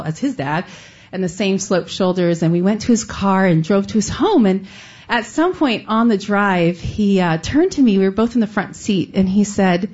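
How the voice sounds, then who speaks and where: A woman's voice: mid-range voice, a little mellow, highs cut off. A woman from Texas telling a true personal story in an earnest, conversational way, now and then breaking into a laugh. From Austin, Texas, USA.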